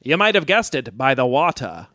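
A man putting on a pompous, mock-formal aristocrat who claims to be from the coast, speaking slowly and grandly. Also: mid-range voice, very animated, pushed and bright, dry recording, clean studio sound, pitched below the performer's own voice. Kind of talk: improvised comedy bit.

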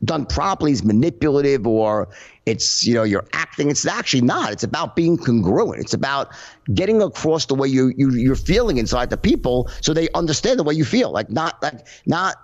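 A man speaking as a podcast guest in a lively, swooping voice that rises and falls a lot as he acts out how people sound. He talks casually and restarts his sentences often. The audio is slightly dull and lo-fi. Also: medium pitch, brisk. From United States. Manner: animated, acts out tones in quoted examples, many restarts. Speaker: podcast guest, sales trainer. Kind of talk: casual conversational interview.

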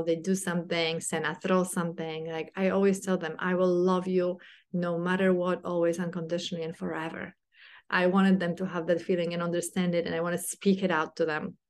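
Podcast mom, thirties, low-pitched, halting and heartfelt. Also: female voice. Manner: hesitant, many fillers and restarts; earnest and heartfelt. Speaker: podcast host, mother. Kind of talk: casual reflective monologue.

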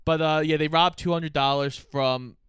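A co-host in casual chat, calmly summarizing movie plot points. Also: mid-range voice, normal speed, smooth, no echo, clean studio sound. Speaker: podcast co-host.

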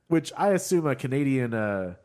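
A man's voice: mid-range voice, big pitch swings, normal speed, a little mellow. A man co-hosting a casual podcast chat from Oklahoma, recapping a TV episode with lots of fillers, restarts and laughter. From Oklahoma, United States. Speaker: podcast co-host.

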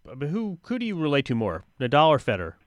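A man's voice: on the high side, wildly swooping pitch, quick pace, no room sound, studio quality. A man interviewing a guest about tennis, talking conversationally with frequent restarts. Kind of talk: sports interview.

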